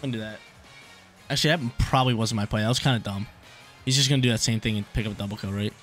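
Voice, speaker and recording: A man's voice: on the low side, steady tone, rapid-fire, fairly bright tone. A young man thinking aloud as he commentates his own game, casual and full of slang, often repeating his lines. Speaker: gaming YouTuber. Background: game music.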